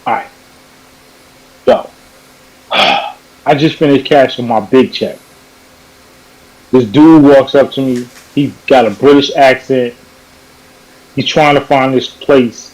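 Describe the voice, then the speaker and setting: A man's voice: mid-range voice, steady tone, slow, pauses often, darkish tone, rough recording. A man from New York on a video call, telling a story in a casual panel chat and correcting himself as he goes. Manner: rambling, self-correcting storyteller.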